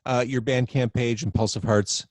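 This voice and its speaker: A man's voice: medium pitch, fairly even intonation, moderate pace, dry recording. A man hosting a podcast over a video call from home, chatty and self-deprecating, rambling with fillers as he talks. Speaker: podcast host. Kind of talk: casual interview chat.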